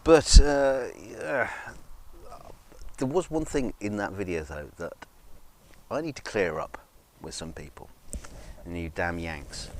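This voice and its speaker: A man's voice: on the low side, expressive, measured pace. A drunk man with an English accent, rambling in a casual monologue with many fillers, restarts and swearing. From England, of Scottish family. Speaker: guitar video maker.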